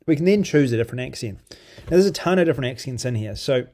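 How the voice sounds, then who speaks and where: A man giving a loose, conversational walkthrough of a piece of software, full of ums and restarts as he clicks along. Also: medium pitch, lively intonation, fast talker. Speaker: software reviewer. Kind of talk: casual screen-recorded software walkthrough.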